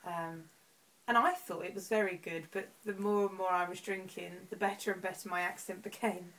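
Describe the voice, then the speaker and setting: A woman's voice: fairly low pitch, fairly even intonation, normal speed, a bit bright, rough recording. A woman with an Essex accent co-hosting a home podcast, chatting casually and laughing often. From Essex, England. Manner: giggly, playful, laughs often. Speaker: podcast co-host. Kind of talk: casual chat. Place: home living room, TV on.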